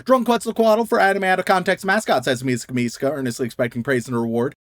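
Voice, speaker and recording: A man's voice: on the high side, fairly even intonation, fast, dry recording. A young man co-hosting a podcast, reading out a list of names in a casual, laughing, stumbling way. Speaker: podcast co-host.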